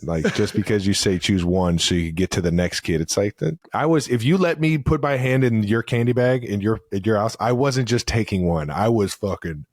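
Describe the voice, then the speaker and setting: Laid-back low-voiced man bantering. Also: a little fast, few pauses, a little mellow, no room sound. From Cleveland, Ohio. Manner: loose, laughing, swearing banter. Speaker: podcast co-host. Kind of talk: casual chat.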